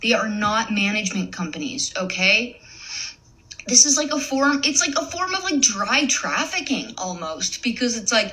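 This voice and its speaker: A woman's voice: fairly high pitch, sing-song, moderate pace, sharp tone, rough recording. A young woman in a casual, profane rant, blunt and swearing often, laughing as she talks. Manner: blunt, swears a lot, laughs mid-sentence. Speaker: content creator.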